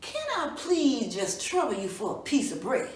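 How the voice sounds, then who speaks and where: A woman voicing a sly, hungry male rabbit trickster in a folk tale, with folksy drawn-out exclamations. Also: on the high side, very animated. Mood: wheedling. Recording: roomy echo from a distance, faint room noise.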